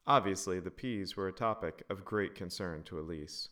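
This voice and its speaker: A man narrating a family story in a lively, expressive reading. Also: low-pitched, moderate pace.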